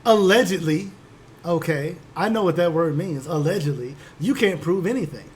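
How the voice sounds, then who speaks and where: A shifty young woman stonewalls in a high, light voice, as a man puts her on at the game table. She answers with clipped denials and a teasing threat of violence. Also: expressive, moderate pace, slight background noise, close to an everyday voice. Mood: evasive. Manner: evasive, mock-menacing. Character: cagey young woman trainee Shadowstar.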